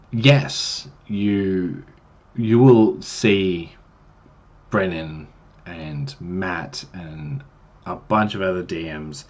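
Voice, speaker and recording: Husky-voiced man giving casual advice. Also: deep voice. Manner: rambling, self-deprecating, swears casually. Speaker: game master and streamer. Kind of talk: casual advice chat on a livestream.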